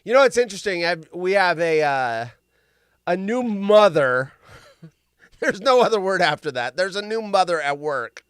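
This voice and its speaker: A bright, lively man hosts a live show in loose, rambling chat. His voice jumps high and loud when he gets worked up. It sounds smooth and dry, close to the mic. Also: a little slow, dry recording. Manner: loud, rambling, bursts into yelling. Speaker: podcast host. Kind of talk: casual live-stream chat.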